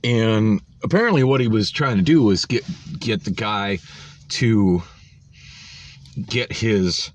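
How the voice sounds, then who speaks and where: Sarcastic man ranting with a lively voice. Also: fairly low pitch, slow, pauses often, a little hiss or hum. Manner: exasperated, sarcastic, profane. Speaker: vlogger. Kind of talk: ranting vlog storytelling. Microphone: phone.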